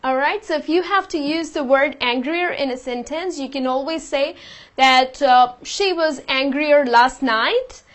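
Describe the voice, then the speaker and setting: Female teacher, higher voice, patient and explanatory, lesson delivery. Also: measured pace. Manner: patient, explains with example sentences. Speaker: English teacher.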